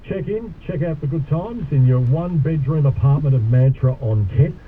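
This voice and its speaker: A man's voice: fairly high pitch, lively intonation, moderate pace. A man hosting talk radio, casual and matey, chatting with callers. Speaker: radio host. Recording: tinny radio broadcast with faint noise.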